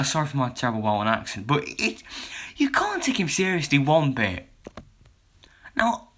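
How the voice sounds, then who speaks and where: A man's voice: mid-range voice, pushed and bright, slight background noise. A young man giving a casual, meandering video review, with lots of restarts and "you know" fillers.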